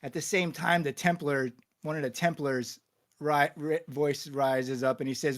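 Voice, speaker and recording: A man narrating as game master for a tabletop game, in a casual, halting way full of fillers. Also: on the high side, fairly even intonation.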